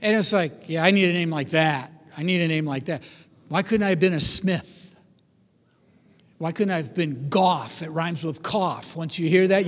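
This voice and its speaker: A man preaching a sermon, telling stories with animated delivery and acting out voices. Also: high-pitched, big-room sound. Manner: animated storytelling, acts out voices. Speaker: pastor.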